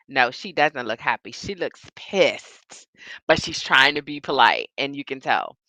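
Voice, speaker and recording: A woman at home giving animated, casual live reaction commentary, exclaiming and laughing easily as she goes. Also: rumbling low, takes it slowly, no echo. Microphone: recording without headphones.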